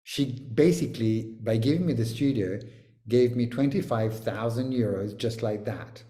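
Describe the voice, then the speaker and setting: Brief: male facilitator on a video call, lively teasing delivery, roomy echo. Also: medium pitch, moderate pace. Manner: animated, swearing, joking and teasing. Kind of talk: energetic coaching talk on a video call.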